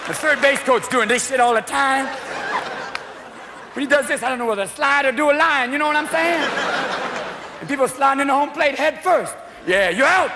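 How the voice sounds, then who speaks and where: A man's voice: extremely high pitch, fairly even intonation, fairly quick, long pauses. A man performing a manic stand-up comedy set, jumping between silly voices in front of a live audience. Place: large venue with a live audience. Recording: live concert recording with crowd noise. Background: audience laughter.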